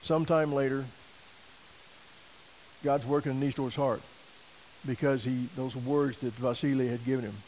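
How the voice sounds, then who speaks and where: A man preaching a sermon, telling a story in a folksy, animated way and acting out quoted voices. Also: medium pitch, normal speed, pauses often, slight background noise, rough recording. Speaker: missionary preacher.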